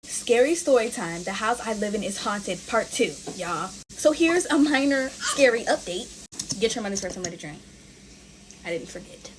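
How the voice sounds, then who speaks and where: Chatty woman storyteller, higher voice, casual storytime delivery to her viewers. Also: lively intonation, normal speed, slight background noise. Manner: chatty, talks straight to viewers. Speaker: storytime vlogger. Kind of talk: casual scary storytime while making slime.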